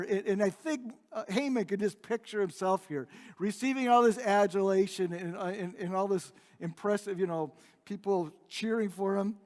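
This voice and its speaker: High-pitched guy pastor telling a bible story, chatty, lots of restarts, big echoey church. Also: normal speed. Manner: conversational storyteller, frequent restarts and repeated words. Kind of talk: sermon retelling a Bible story. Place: church sanctuary. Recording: long reverb of a church hall.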